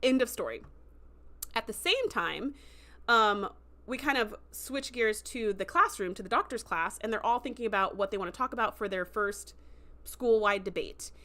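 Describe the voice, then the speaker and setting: A woman hosting a casual livestream review, chatty and enthusiastic, with lots of fillers and quick acted-out quotes. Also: medium pitch, lively intonation, sharp tone. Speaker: show host recapping a TV episode.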